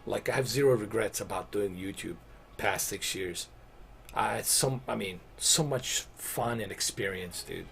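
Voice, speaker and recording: A man's voice: fairly low pitch, normal speed, vocal fry, a bit bright, soft background music. A middle-aged man streaming games, chatting casually and rambling, with lots of "dude" and "man". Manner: rambling, laid-back, says dude and man a lot. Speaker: gaming streamer. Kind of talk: casual game-stream chat.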